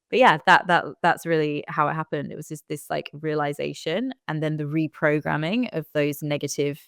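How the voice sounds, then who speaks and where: A woman's voice: sits low, gravelly, clean tone, no room sound, studio quality. A young woman telling her own story in a candid, reflective way as an interview guest. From United Kingdom. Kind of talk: casual interview conversation.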